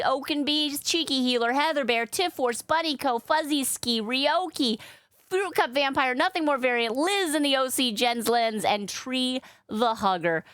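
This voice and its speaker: A woman's voice: a little high, a bit bright, dry recording. A woman hosting a casual live stream as a balloon artist, chatty and upbeat with frequent fillers.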